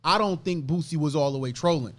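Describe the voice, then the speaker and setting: Blunt man with a slightly high voice. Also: quick pace. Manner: blunt, challenging. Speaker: podcast co-host. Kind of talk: casual podcast discussion.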